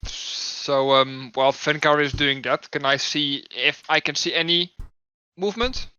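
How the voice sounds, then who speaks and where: Bright-voiced man playing a tabletop game. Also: a little high, measured pace, highs cut off, a little hiss or hum. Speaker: player. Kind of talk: casual game chat.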